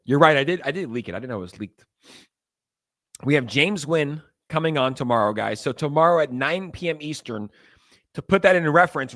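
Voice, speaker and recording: A young man hosting a crypto livestream, talking to viewers in a loose, animated, ranting way. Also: mid-range voice. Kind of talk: casual livestream talk.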